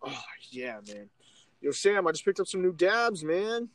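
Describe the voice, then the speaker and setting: A man's voice: high-pitched, sing-song, unhurried, fairly bright tone, dry recording. A young man leading a casual chat with friends outdoors at night, laid-back, often saying man and bro.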